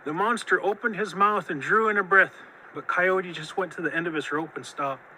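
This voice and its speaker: A man tells a traditional tale in a lively, expressive voice that slows down for key moments. His voice is raised and very bright, with a sharp edge. Faint noise runs underneath. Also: high-pitched, low-quality recording. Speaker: storyteller. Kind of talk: oral storytelling of a traditional tale.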